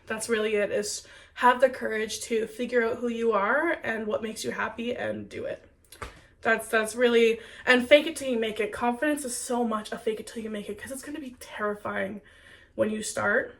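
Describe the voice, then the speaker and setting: This young adult woman's voice is a little high, creaky, and fairly bright, heard from far away from the mic. Sick with a cold, the spiritual content creator talks to viewers in a spiritual Q&A vlog, earnest and heartfelt, chatty with many "like"s.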